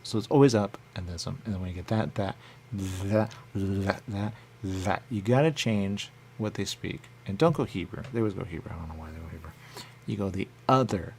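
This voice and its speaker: A man talks on his own as a radio host, his voice very deep with a gravelly fry. He rambles in loose circles and keeps coming back to the same catchphrase. A faint noise sits under the recording. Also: a little mellow. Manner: rambling, repeats "there you go" constantly; acts out others in a high voice. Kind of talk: rambling solo talk.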